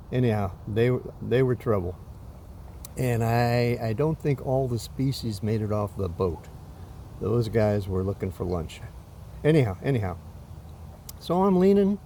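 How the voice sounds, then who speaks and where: Guy rambling thru a dream story, mellow voice, bit higher pitched, some traffic noise outside. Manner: rambling, self-deprecating, with many fillers and restarts. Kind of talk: casual storytelling, recounting a dream.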